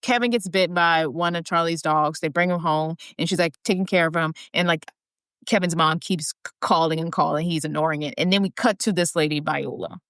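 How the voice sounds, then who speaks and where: A woman's voice: low voice, a bit bright, smooth, dry recording, studio quality. A woman co-hosting a podcast, telling a movie's plot in a casual, chatty way. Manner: chatty storyteller, quick asides and laughs. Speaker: podcast co-host. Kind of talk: casual movie recap chat.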